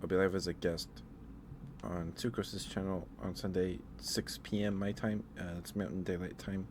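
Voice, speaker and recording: A man streamer ending his stream, talking softly and rambling with fillers, his throat dry and his voice wearing out. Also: low voice, little pitch movement, moderate pace, background noise. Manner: soft-spoken, rambling with fillers. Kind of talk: end-of-stream chat. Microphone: headphones and desk mic.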